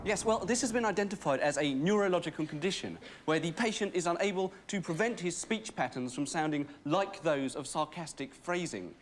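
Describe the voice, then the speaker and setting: A man's voice: on the high side, fairly quick, hardly any pauses, slight background noise. A man narrating a comic sketch in a mock-serious tone. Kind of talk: scripted narration.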